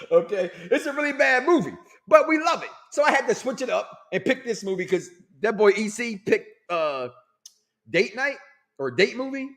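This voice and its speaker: A middle-aged man hosting a casual talk show, loud and animated, reading out listener comments and laughing often. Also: sits high, normal speed. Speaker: podcast host.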